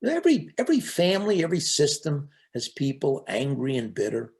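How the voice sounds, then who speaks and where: A man's voice: on the high side, wildly swooping pitch, brisk, vocal fry, a little mellow. An older man giving a reflective talk on resilience and spiritual life, earnest and full of anecdotes, sometimes repeating a word as he starts. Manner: earnest, storytelling, repeats words when starting.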